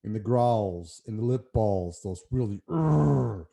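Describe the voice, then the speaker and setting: Low, mellow-voiced male podcast host. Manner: musing, halting questions. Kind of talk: casual podcast interview.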